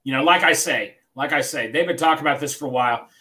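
A man hosting a sports podcast, talking in a rambling, halting way with lots of restarts in casual chat. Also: mid-range voice, sharp tone. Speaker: podcast host.

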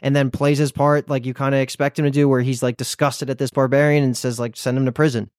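A man co-hosting a podcast in casual chat, animated and recapping with lots of "like". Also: medium pitch, fast talker, no room sound, clean studio sound. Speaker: podcast co-host.

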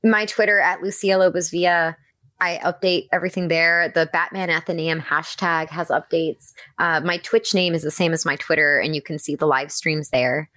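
A woman with a low voice chats on a podcast as a guest voice actress, talking eagerly and rambling a little, with many fillers. The sound is dry and close, with no room echo around it. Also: steady tone, normal speed, bright, forceful tone. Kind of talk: casual podcast chat.

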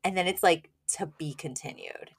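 Woman cohost recapping a sitcom ep, kinda low voice, laughs a lot, does the characters' lines. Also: normal speed, breathy edge. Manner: chatty, laughs often, acts out scenes. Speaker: podcast co-host. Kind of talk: casual recap chat.

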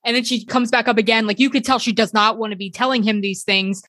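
A woman co-hosting a podcast, retelling film scenes in a measured, explanatory way. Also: on the high side, steady tone, sharp tone, no room sound. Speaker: podcast co-host. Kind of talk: casual chat, film recap.

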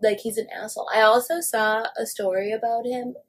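A woman with a slightly husky voice co-hosts a casual podcast. She chats loosely about celebrity news, full of "like" and "you know", and swears freely. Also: fairly high pitch, fairly even intonation, fairly quick. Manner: chatty, filler-heavy, swears freely. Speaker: podcast co-host. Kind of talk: casual pop-culture chat.

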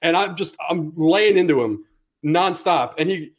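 Male podcast co-host, slightly high voice, profane and animated storyteller. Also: unhurried. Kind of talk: casual storytelling.

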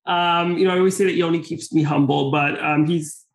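A man's voice: on the high side, fairly even intonation, brisk, roomy sound. A man of twenty, a guest on an interview show, polite and upbeat, with many ums. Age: 20s. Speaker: guest chef. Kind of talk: casual interview chat.

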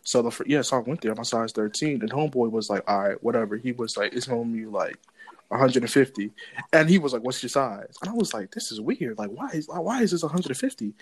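A man's voice: mid-range voice, expressive, quick pace, slightly rough. A young man with a New York accent, chatting casually on a podcast and telling a story full of slang and acted-out quotes. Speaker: podcast co-host.

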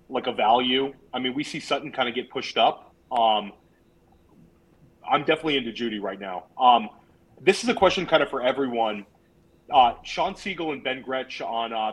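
A man's voice: medium pitch, a bit bright, husky, low-quality recording. A man hosting a fantasy football podcast, asking the panel questions in a casual way with many fillers. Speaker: podcast host.

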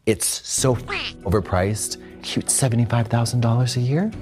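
A man's voice: medium pitch, moderate pace, over music. A man co-hosting a comedic chat show, theatrical and sarcastic. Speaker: co-host.

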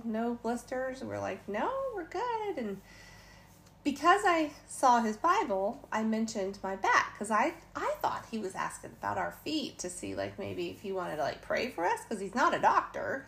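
A woman's voice: medium pitch, big pitch swings, normal speed, gravelly, a bit bright. A woman telling a travel story in casual, chatty talk, laughing now and then and quoting others in passing. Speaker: vlogger. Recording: faint background noise.

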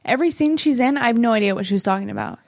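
A woman's voice: a little high, huge pitch swings, rapid-fire, no echo, studio quality. A woman co-hosting a podcast in casual chat, talking in a chatty, teasing way. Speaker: podcast co-host.

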